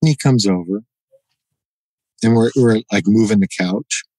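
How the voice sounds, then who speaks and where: A man's voice: fairly low pitch, a little slow, dry recording, low-quality recording. A middle-aged man telling a story as a podcast guest, acting out the dialogue and often tossing in "you know" and "right?". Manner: animated, acts out quoted dialogue, frequent "you know" and "right?". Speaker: podcast guest, jiu-jitsu black belt. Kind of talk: casual storytelling interview.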